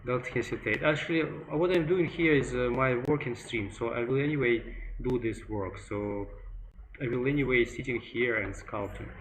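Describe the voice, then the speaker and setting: A man with a Russian accent, a native Russian speaker, giving live working-stream commentary as a sculpting instructor in halting, broken English while thinking aloud. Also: medium pitch, fairly bright tone, poor audio. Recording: background noise with ticking clock.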